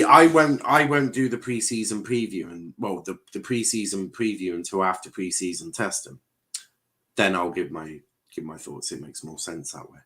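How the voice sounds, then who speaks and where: Low-sitting and fairly bright, this man's voice carries a casual football watchalong stream. The young streamer reads comments from viewers aloud and rambles, repeating phrases with a steady stream of fillers.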